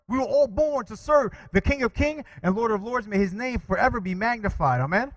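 A man preaching a sermon with animated delivery, calling out to his congregation for responses and quoting scripture. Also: high voice, fairly quick, no echo, low-quality recording. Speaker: pastor.

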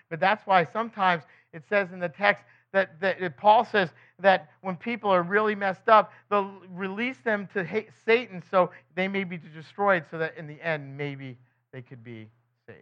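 A man with a high voice teaches a sermon in a relaxed, conversational way. He keeps asking rhetorical questions and slips into quick voices for the people in his stories. The recording is dull and lo-fi. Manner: asks the listeners frequent rhetorical questions; breaks into quick acted quotes of other people. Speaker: Bible teacher.

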